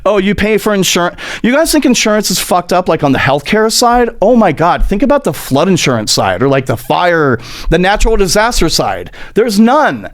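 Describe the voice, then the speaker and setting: A man's voice: sits high, very animated, moderate pace, few pauses. A young adult man hosting a comedic podcast, ranting about politics in a profane, mocking way and slipping into silly put-on voices. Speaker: podcast host.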